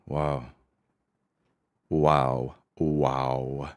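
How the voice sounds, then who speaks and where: A man's voice: extremely low pitch, flat delivery, drawn-out words, very noisy. A man hosting a solo podcast, chatting in a rambling, laid-back, self-deprecating way. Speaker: podcast host. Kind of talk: casual solo podcast chat.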